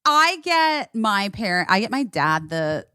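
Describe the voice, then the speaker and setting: A woman's voice: mid-range voice, big pitch swings, measured pace, heavy background noise. A woman hosting a podcast in casual chat, talking loosely with lots of fillers and laughter. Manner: chatty, laughs often, many fillers. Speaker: podcast host.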